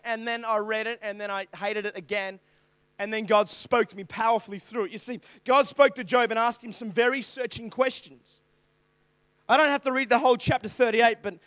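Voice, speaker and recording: High-pitched guy preaching to youth, rambles off topic, gets loud on the bible bits, dry close sound. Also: no echo. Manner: digressive, with sudden loud bursts when reading scripture. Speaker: youth pastor. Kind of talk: sermon.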